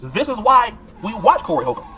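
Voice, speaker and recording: A woman's voice: medium pitch, very animated, brisk, a loud crowd. A woman giving opinion commentary, arguing her point with rhetorical questions. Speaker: political commentator.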